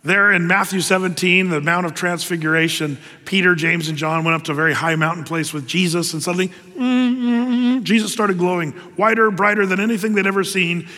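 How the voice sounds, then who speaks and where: A man preaching a sermon, telling the story lively with acted asides. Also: high voice, a little fast, hardly any pauses, big-room sound.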